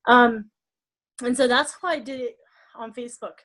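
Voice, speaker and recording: A woman on a team call, telling a personal story about stage fright, fast and emotional, often repeating words. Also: fairly high pitch, steady tone, fairly bright tone. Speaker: network marketing team leader. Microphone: call or stream mic.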